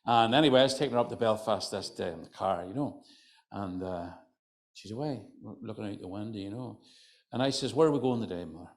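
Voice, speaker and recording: A man's voice: fairly low pitch, fairly quick. An older man from County Antrim with an Antrim accent, telling humorous folk stories to a live audience in a chatty, teasing way. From County Antrim, Northern Ireland. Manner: chatty, teasing, lots of "you know". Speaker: folklorist storyteller. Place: hotel function room.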